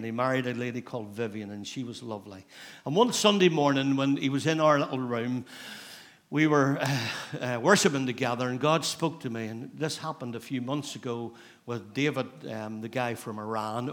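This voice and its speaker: A man's voice: mid-range voice, a bit bright. A middle-aged man with a Northern Irish accent, a pastor preaching a sermon in a church in a conversational storytelling manner, repeating phrases for emphasis.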